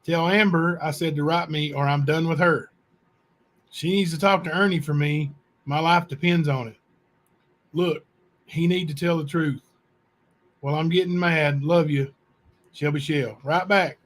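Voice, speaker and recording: Man reading letters aloud, slightly high. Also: steady tone. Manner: plain, unhurried reading with asides and spelling out words. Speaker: channel host.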